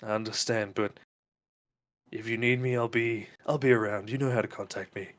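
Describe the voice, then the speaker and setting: A man playing a quiet, steady gentleman. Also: lowish voice, moderate pace, close to an everyday voice. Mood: reassuring. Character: calm male confidant, quiet and steady.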